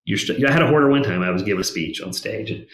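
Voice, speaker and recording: A man with a fairly low voice chats as a guest on a podcast. He tells stories in a loose, rambling way full of fillers. The recording has a roomy echo. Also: animated, very fast, a bit bright. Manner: rambling, filler-heavy storytelling. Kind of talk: casual interview chat.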